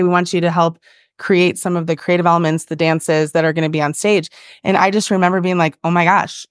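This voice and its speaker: A woman's voice: fairly low pitch, dry recording, clean studio sound. A woman in her thirties, a podcast guest, talking earnestly in a casual interview, full of "like" and "um". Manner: filler-heavy, earnest, tangents. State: briefly emotional.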